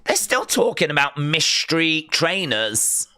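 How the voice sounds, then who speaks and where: A man giving live reaction commentary in a bright, slightly high voice. He talks at an easy, unhurried pace, but his pitch leaps around with excitement and mock outrage. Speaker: wrestling watch-along streamer.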